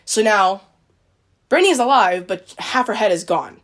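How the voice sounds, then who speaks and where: A woman hosts a podcast in relaxed, casual chat. She rambles through a retelling, full of likes and quick quoted voices. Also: mid-range voice. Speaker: podcast host.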